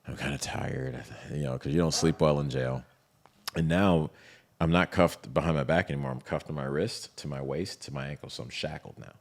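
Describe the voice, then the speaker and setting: A man speaks in an extremely low, gravelly register. He guests on an interview show and tells his experience in a lively, conversational way, slipping into quoted lines from the people he met. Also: normal speed. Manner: animated, retells scenes with quoted voices. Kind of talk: casual storytelling interview.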